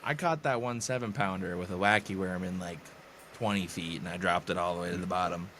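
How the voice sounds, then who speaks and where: A man's voice: low voice, brisk, a bit bright, slight background noise. A young man co-hosting a podcast in casual chat, reading viewer comments aloud with dry teasing. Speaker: podcast co-host.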